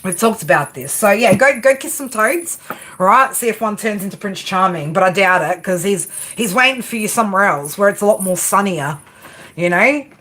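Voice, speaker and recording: A woman's voice: medium pitch, animated, moderate pace, fairly bright tone. A woman giving a live tarot reading in a brash, chatty way, swearing freely and calling her viewer girl and baby. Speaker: tarot reader.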